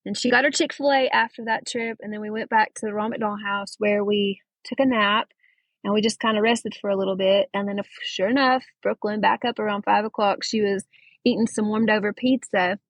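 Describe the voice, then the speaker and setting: A woman's voice: medium pitch, fairly even intonation, fairly quick, no echo, low-quality recording. Podcast guest, young woman, earnest personal storytelling, dry recording. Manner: earnest, emotional retelling with quoted dialogue.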